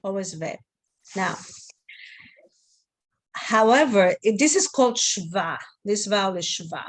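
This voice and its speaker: A woman's voice: medium pitch, expressive, slow. Patient woman teaching a class online, checking on her students. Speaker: Hebrew teacher.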